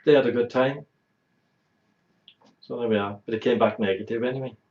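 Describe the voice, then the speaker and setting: A man's voice: medium pitch, brisk. A man hosting a talk show, telling a blunt, exaggerated, bawdy comic anecdote. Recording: roomy, dull lo-fi sound.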